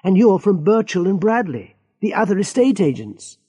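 A man's voice: sits high, sing-song, moderate pace, warm tone, slightly rough, voice pushed up, exaggerated voice. A man voicing an amused young wife who speaks in a pointed, teasing way, in a raised voice.

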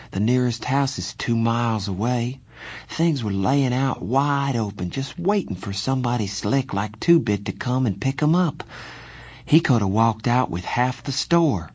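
A man's voice: mid-range voice, a little mellow, breathy edge, dry recording. A man reading an audiobook and voicing a scared, homesick fourteen-year-old boy who breaks into tearful outbursts. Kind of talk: audiobook character voice.

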